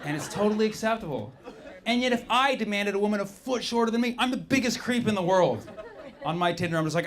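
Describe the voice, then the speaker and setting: A man's voice: high voice, animated, fast talker. A man performing a stand-up comedy routine with playful crowd work and exaggerated bits. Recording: live show with loud audience laughter.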